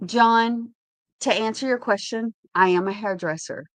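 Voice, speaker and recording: This middle-aged woman's voice sits on the high side and moves at an unhurried pace, captured in a dry recording. She hosts an informal live sale from home, chatting, laughing often, and greeting viewers by name.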